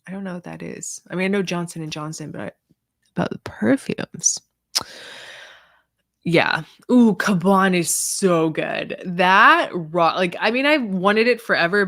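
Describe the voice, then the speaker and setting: A woman's voice: fairly low pitch, a bit bright, dry recording, studio quality. A woman hosting a casual livestream Q&A, answering viewers in a chatty, rambling way full of "like" and "um". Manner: chatty, filler-heavy, lots of "like" and "um". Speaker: fragrance reviewer hosting a livestream.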